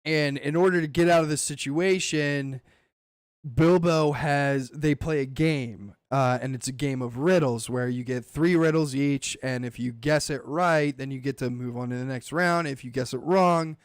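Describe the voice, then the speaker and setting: A man hosting a casual podcast chat, animated and swearing, acting out movie lines as he goes. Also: medium pitch, moderate pace, clean tone, no room sound, studio quality. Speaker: podcast host.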